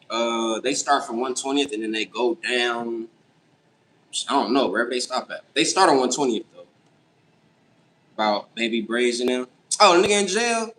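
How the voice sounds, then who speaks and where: A young man hosting a casual late-night livestream, reading chat and answering with animated, incredulous, profane reactions. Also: mid-range voice, slight background noise, low-quality recording. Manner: animated, incredulous, swears freely. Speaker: livestream host.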